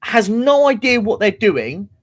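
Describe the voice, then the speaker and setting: A man co-hosting a casual football fan podcast, animated and ranting, often mimicking other fans. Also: high voice, unhurried. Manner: animated, ranting, quotes fans in mocking voices. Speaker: podcast co-host.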